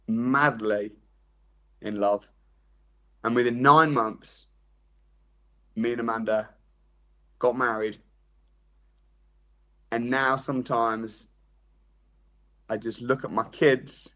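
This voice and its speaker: A man, giving a motivational seminar talk as a training speaker, telling stories with sudden loud jumps and quiet drops. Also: mid-range voice.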